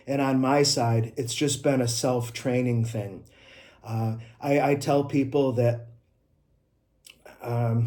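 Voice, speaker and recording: A man's voice: medium pitch, darkish tone. A middle-aged man with an Inland North American accent from upstate New York, an IT trainer talking casually to camera, personal and full of asides. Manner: chatty and personal, with asides and self-corrections. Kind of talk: casual vlog talk to camera.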